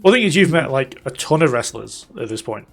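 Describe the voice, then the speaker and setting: Man with a lively, bouncing voice. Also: mid-range voice, brisk, creaky. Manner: laughs often, short reactions and questions. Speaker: guest. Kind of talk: casual chat.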